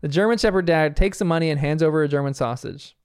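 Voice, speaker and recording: A man's voice: on the high side, quick pace, a little mellow, clean tone, no echo, clean studio sound. A man casually recapping a cartoon episode scene by scene, chatty and often laughing. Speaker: TV episode reviewer.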